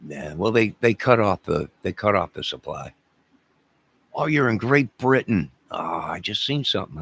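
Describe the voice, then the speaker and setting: A man's voice: deep voice, expressive, moderate pace, gravelly, a bit bright, husky, no echo. An older man hosting a casual livestream, rambling and joking as he reads viewers' chat aloud. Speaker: livestream host reading chat.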